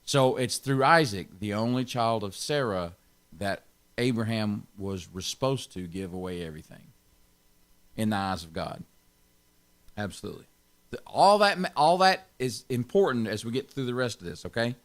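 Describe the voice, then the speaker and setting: A man's voice: lowish voice, animated, moderate pace. A man pastor giving an informal Bible teaching, stressing key words and chuckling often.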